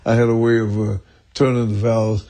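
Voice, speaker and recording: With a lowish, warm voice that barely moves in pitch, an older interview guest tells stories at a normal speed for an archive recording. He wanders from point to point, chuckling and frequently starting over.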